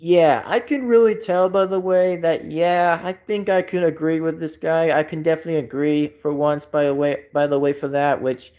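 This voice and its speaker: Man hosting a live stream, slightly high voice, rambles and repeats himself, casual chat. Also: steady tone, moderate pace, few pauses, darkish tone.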